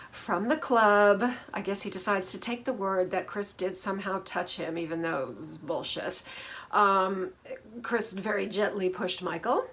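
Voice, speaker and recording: A woman's voice: mid-range voice, a bit bright. A woman hosting a casual reality TV recap, snarky and gossipy, laughing at the drama.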